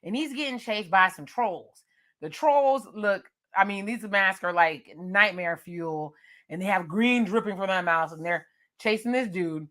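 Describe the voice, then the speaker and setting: A woman's voice: mid-range voice, measured pace, fairly bright tone. A woman recapping a horror movie with jokes and slang, laughing often. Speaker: movie reviewer.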